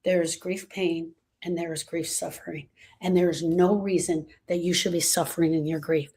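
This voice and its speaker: A woman grief coach giving a motivational talk to viewers, emphatic and repetitive, dropping soft and then rising loud, calling listeners "girl". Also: on the low side, fairly even intonation, normal speed.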